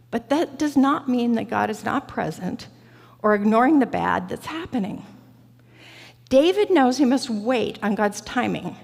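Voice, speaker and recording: Woman preacher, reflective sermon, slightly high, gravelly edge, long church reverb. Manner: reflective, personal, slow and deliberate. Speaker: guest preacher. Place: large church sanctuary.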